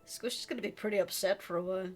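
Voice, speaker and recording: A woman's voice: medium pitch, rapid-fire, soft background music. A woman playing a tabletop game, chatting after the session with exasperated, emphatic reactions.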